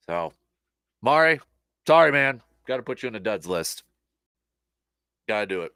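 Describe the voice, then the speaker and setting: A man hosting a casual sports talk show, rambling and animated, with lots of fillers and restarts, a little short on sleep. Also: on the low side, moderate pace, pauses often, clean tone, no room sound, studio quality.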